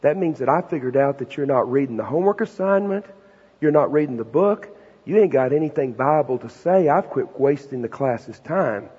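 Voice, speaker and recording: A middle-aged man preaching a sermon, a folksy, emphatic storyteller who builds to loud punchlines. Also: mid-range voice, lively intonation, normal speed, husky. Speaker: preacher and Bible professor. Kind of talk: sermon with personal stories. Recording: dull recording with long hall reverb.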